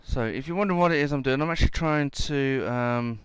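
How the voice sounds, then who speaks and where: Male gameplay commentator, casual and rambling, mid-pitched, reads objectives aloud. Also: fairly quick, clear, resonant tone, dry recording.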